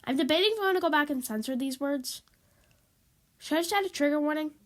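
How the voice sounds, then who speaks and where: A woman's voice: high voice, fast. Stuffy, sniffly woman rambling on. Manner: rambling, apologetic, keeps repeating herself. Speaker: vlogger. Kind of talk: casual rambling monologue. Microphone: tablet microphone.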